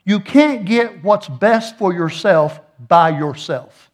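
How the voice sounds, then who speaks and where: Middle-aged pastor, high voice, folksy sermon with jokes. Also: male voice, lively intonation, slow pace. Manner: folksy, joking storyteller with playful asides.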